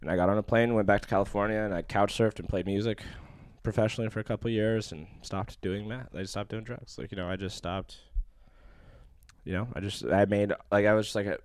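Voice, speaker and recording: Young guy with a lowish voice rambling thru a story, lots of swearing and fillers, dry close sound. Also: steady tone, brisk, no echo. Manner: profane, rambling, full of fillers. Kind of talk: casual chat.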